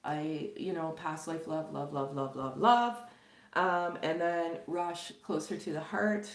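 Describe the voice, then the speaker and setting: A woman's voice: low-pitched, steady tone, unhurried. A middle-aged woman from Canada, a tarot reader chatting casually and loosely to her viewers, with many fillers and frequent laughs. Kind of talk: casual spiritual chat to viewers. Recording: echoey room.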